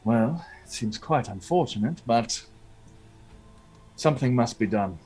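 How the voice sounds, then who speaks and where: A man voicing a scheming noble lord who gives cold, measured orders in a low voice. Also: animated, a little mellow, breathy edge, soft background music.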